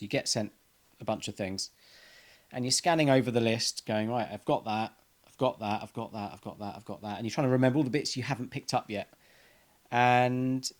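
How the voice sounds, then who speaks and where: A man talking casually to camera in a rambling personal monologue, full of ums and restarts. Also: medium pitch. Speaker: vlogger.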